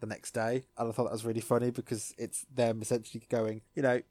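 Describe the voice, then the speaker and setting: A man co-hosting a casual recap podcast, who jumps into lively character voices as he tells the story. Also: medium pitch, no echo. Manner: animated, acts out characters in quick voices. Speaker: podcast co-host.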